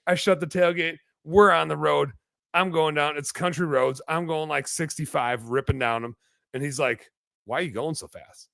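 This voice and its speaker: A young man telling a story on a podcast in a casual, animated way, swearing freely and acting out quotes. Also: on the high side, moderate pace, vocal fry, no room sound, clean studio sound. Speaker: podcast guest.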